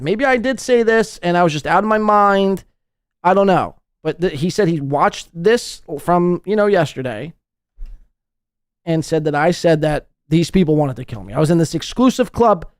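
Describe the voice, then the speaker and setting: Male podcast host, crude mocking rant, very lively pitch, dry close sound. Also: moderate pace, clear, resonant tone, dry recording. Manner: crude, sarcastic, mocking, swings between loud outbursts and muttering. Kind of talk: ranting live podcast commentary.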